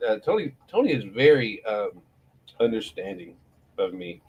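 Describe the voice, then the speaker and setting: A man's voice: lowish voice, big pitch swings, normal speed, breathy edge, lo-fi sound. A middle-aged man, hosting a morning show and telling rambling, profane stories. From Florida. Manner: rambling storyteller, profane, laughs often. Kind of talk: casual chat.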